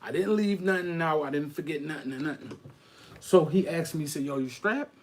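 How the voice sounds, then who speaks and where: A middle-aged man, hosting a podcast and telling a story in animated street slang. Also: a little high, brisk. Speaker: podcast host. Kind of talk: casual storytelling.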